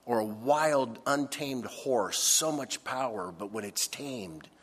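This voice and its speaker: A man preaching a sermon, slow and emphatic, swinging between loud stressed phrases and soft, low asides. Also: husky, long reverb tail. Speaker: pastor.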